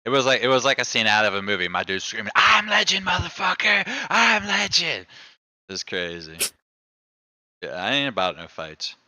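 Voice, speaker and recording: A man hosts a casual live stream and tells stories in a loose, profane way. His voice sits low, bright and smooth. The sound is dry and close. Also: brisk, no echo. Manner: loose, profane, animated when telling a story. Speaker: streamer host. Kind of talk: casual storytelling chat.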